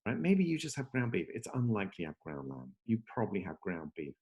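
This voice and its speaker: A man's voice: fairly low pitch, sing-song, fast, darkish tone, highs cut off. Rambling upbeat man demoing an app. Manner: rambling, upbeat, many fillers and restarts. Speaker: software company host demoing his app. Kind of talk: casual demo chat over video call. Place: home.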